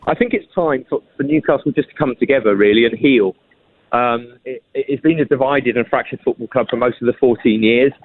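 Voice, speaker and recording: A man talking fast down a tinny phone line as a guest on a sports radio show. He keeps restarting his sentences and repeating words as he builds his point. His voice sits at an ordinary middle pitch. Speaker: football journalist, guest.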